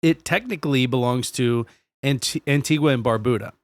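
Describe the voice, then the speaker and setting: A man's voice: medium pitch, a little fast, dry recording. A man co-hosting a podcast in casual chat, joking and swearing as he tells stories. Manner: joking, profane, drifting into silly put-on voices. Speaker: podcast co-host.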